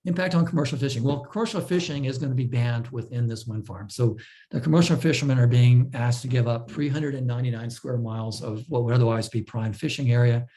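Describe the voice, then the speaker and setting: A man presenting a technical talk, explaining step by step in a measured way with frequent fillers and restarts. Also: medium pitch, dark tone. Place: online talk.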